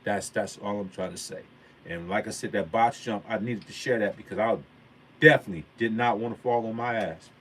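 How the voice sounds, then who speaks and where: A man's voice: lowish voice, a little fast, fairly bright tone, a little hiss or hum. A man vlogging a motivational story in a casual, slangy way, stressing and repeating his points like a sermon. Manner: emphatic, preachy, repeats key points.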